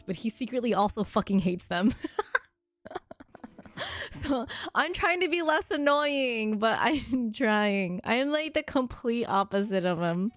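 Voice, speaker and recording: A woman's voice: a little high, dry recording. A young woman streamer in casual chat, rambling and laughing as she reads chat aloud and answers it, swearing freely. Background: faint music.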